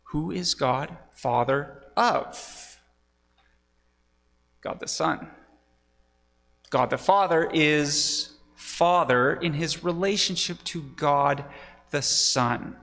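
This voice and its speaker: A male pastor delivers a sermon in a deliberate, unhurried way, with a gravelly edge to his fairly high voice. He teaches as he goes and keeps putting questions to the congregation. His words ring out with the long reverb of a church sanctuary. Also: sharp tone.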